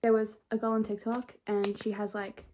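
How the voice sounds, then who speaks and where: A young woman talks through her night routine at home, chatty and playful. She pokes fun at herself, and her pitch sits in an ordinary middle range. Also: flat delivery, moderate pace, darkish tone, slight background noise. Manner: chatty, playful, self-mocking. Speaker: vlogger. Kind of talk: casual vlog narration. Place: bedroom at home.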